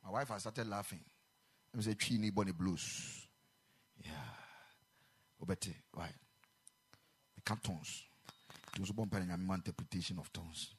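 A man preaching a sermon in a chapel, moving between quiet speech and loud sung exhortation. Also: low-pitched, normal speed, pauses often, breathy edge.

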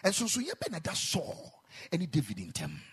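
Lively high-voiced preacher. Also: male voice, fairly quick, breathy edge. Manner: switches between quiet speech and loud sung exhortation. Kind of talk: sermon. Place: chapel.

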